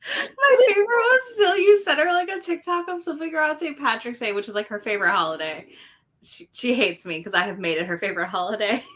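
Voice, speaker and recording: A woman's voice: fairly high pitch, quick pace, pushed and bright. A woman co-hosting a readathon stream, telling stories in casual chat with a giggly manner. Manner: giggly, storytelling. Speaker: readathon co-host.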